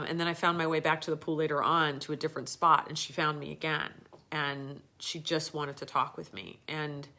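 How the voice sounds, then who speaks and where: A woman's voice: deep voice, sharp tone. A middle-aged woman hosting a live show, rambling through a personal story with many fillers and restarts. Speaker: host.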